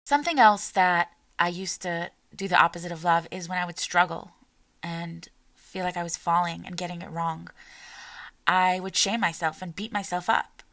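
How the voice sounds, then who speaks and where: A woman in her forties, a mother giving an earnest, heartfelt personal talk with a soft, emotional delivery. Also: lowish voice, steady tone, normal speed. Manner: earnest and emotional, voice softening as she tears up. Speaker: parent sharing her story.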